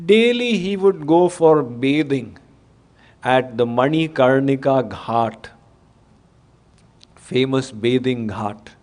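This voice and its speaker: A man giving a temple sermon, telling a story in a measured, explanatory way to his audience. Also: medium pitch, animated, a little mellow. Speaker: spiritual teacher.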